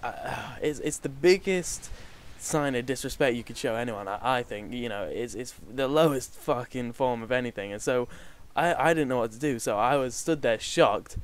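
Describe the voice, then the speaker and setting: A young man talking straight to his viewers in a loose, chatty vlog. His voice is smooth and resonant, at an ordinary middle pitch. He rambles, restarts his sentences and swears freely. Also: normal speed, hardly any pauses. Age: young adult. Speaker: vlogger. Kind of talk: casual storytelling to camera.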